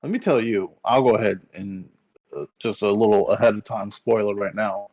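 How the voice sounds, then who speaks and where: A man's voice: lowish voice, moderate pace, darkish tone, dry recording, highs cut off. A laid-back man co-hosting a casual movie chat, swearing freely. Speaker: podcast co-host.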